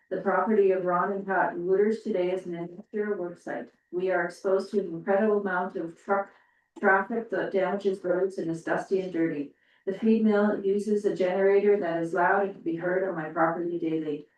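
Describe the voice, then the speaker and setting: A woman on council reading a resident's letter aloud in a steady, plain manner. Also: medium pitch. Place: council chamber. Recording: very echoey distant meeting room.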